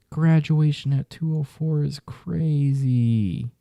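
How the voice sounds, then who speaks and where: A man's voice: medium pitch, lively intonation, slow pace, vocal fry, warm tone, dry recording. A man reacting casually to a music list, muttering exasperated, profane comments with whispered asides.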